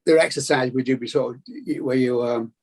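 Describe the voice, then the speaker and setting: A meeting participant from England with a Bradford Yorkshire accent shares his experience casually on a video call. His medium-pitched, slightly rough voice comes across earnest, rambling, and reflective.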